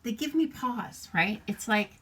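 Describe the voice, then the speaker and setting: A woman's voice: fairly high pitch, animated, a little slow, a bit bright, a little hiss or hum. A woman chatting her way through a live papercraft demonstration, greeting viewers by name and laughing often. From United States. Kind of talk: casual live craft demonstration.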